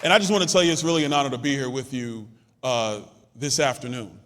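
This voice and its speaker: A man's voice: medium pitch, quick pace, fairly bright tone. A congressman from Brooklyn giving a political rally speech, telling stories in a conversational, punchy and rousing way at a podium microphone in a hotel ballroom. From Brooklyn, New York. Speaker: congressman speaking at a summit. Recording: long reverb of a large ballroom.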